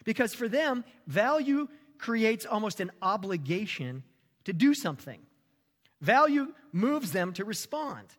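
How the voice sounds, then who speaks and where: A man preaching a sermon as a pastor, telling a story with animated, rising emphasis. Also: high-pitched, measured pace, in a large hall.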